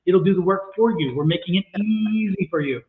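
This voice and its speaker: A fairly high-voiced man gives tarot readings on a live stream, coaxing and exclaiming as he repeats his points. His voice comes through a thin, phone-like line from an echoey room. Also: fairly quick, slight background noise. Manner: energetic, exclamatory, coaxing and repetitive. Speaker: tarot reader and co-host.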